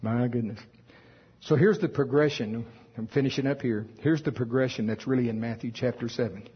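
A man's voice: medium pitch, a little fast, husky, dull audio. A man preaching a sermon with emphasis, reading scripture aloud in old wording. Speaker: pastor.

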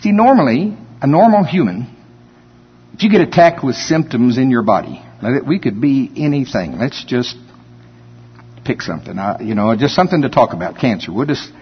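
A man preaching a sermon in a folksy way, reading scripture slowly and building to emphatic points. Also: medium pitch, big pitch swings, slightly rough. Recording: dull lo-fi recording with long reverb.

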